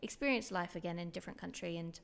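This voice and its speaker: A woman's voice: fairly low pitch, racing, creaky, clear, resonant tone. A woman from Austria with a Queensland Australian accent, co-hosting a podcast in chatty casual talk and laughing often. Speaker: podcast co-host.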